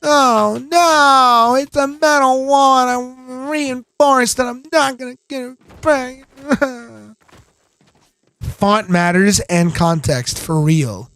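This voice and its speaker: A man's voice: very high voice, takes it slowly, sharp tone, clear, resonant tone, no echo. A man giving casual gameplay commentary, rambling, giggly and self-deprecating. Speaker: gaming channel host.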